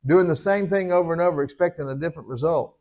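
Male pastor, slightly high voice, folksy sermon with chuckles and call-and-response. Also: quick pace, a little mellow.

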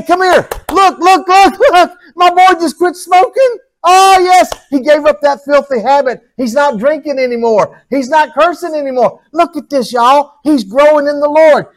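A man's voice: very high voice, voice pushed up, poor audio. A preacher playing God as a gushing proud father. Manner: excited, gushing, calling others to look.

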